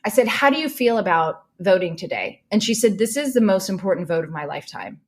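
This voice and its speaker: A woman's voice: medium pitch, quick pace, noisy background. Woman telling a heartfelt story. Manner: animated, restarts when moved. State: emotional. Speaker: podcast guest, correspondent. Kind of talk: emotional storytelling.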